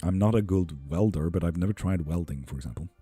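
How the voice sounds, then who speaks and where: Low, husky laid-back livestream man. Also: fast, dark tone, no room sound, faint music behind. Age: 30s. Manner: laid-back, joking, chats with viewers. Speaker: livestream tarot reader. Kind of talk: casual live-stream chat, reading comments aloud.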